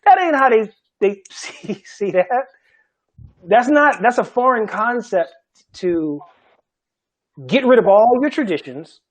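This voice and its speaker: Animated high-voiced man from Charleston. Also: slow pace, long pauses, rough recording. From Charleston, South Carolina. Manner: animated, emphatic, laughs often. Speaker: Gullah language teacher. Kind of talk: panel talk.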